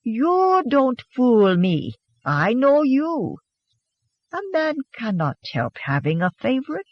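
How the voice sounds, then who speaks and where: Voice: mid-range voice, huge pitch swings, slow, no room sound, muffled recording, voice pushed up, full character voice. An audiobook narrator voicing a playful young wife who whispers teasing remarks in a put-on Swedish accent.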